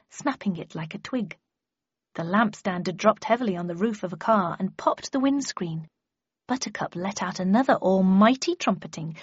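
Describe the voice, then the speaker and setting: A woman narrating a story in the first person in an even, wry manner. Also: mid-range voice, husky, no room sound, muffled recording. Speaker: audiobook narrator.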